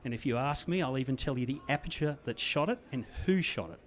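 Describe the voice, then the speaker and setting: Wry man giving a sponsor pitch. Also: animated, quick pace, slight background noise. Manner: wry, salesmanlike. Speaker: company representative, sponsor. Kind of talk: sponsor speech. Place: judging room at a photography awards event.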